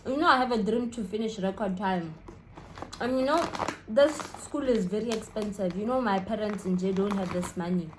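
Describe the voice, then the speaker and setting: A young South African woman talks straight to the camera in a relaxed, rambling vlog. She chats on as she snacks, with a mid-pitched voice and a faint hiss behind her. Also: moderate pace. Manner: chatty, rambling, eating snacks while talking. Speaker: YouTuber. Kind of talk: casual storytelling vlog.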